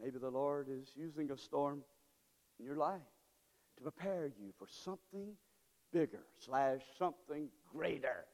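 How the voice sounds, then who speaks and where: A male pastor preaching a sermon with call-and-response, swinging between shouts and low murmurs. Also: measured pace. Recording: long reverb of a large hall.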